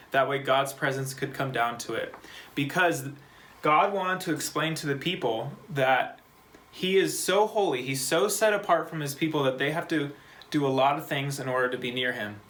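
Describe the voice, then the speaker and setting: A man's voice: a little high, fairly bright tone, poor audio. A man teaching a short Bible Hebrew lesson for a church kids' program, explaining word by word in a patient, step-by-step way. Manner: patient, slow, spells out words.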